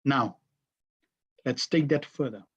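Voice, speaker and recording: Husky-voiced teacher quizzing an online class. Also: mid-range voice, slow pace, muffled recording. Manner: questions the class and repeats answers back. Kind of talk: interactive online lesson.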